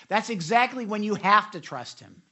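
Speaking at a normal pace in a mid-range voice, the preacher retells scripture during an animated devotional, frequently beginning lines over and questioning listeners directly.

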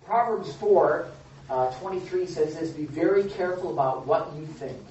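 A woman's voice: low voice, expressive, normal speed, warm tone. A woman pastor preaches a conversational sermon, putting questions to her listeners. Her voice comes from some distance in a roomy hall, and the recording sounds somewhat dull with faint background noise. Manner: conversational, asks the congregation questions.

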